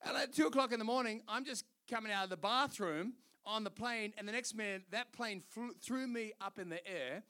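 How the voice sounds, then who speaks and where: A man's voice: high voice, a little fast, few pauses. A man with an Australian accent preaching a sermon, telling stories with laughter and acted-out voices. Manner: animated storytelling, laughing, doing voices. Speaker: pastor.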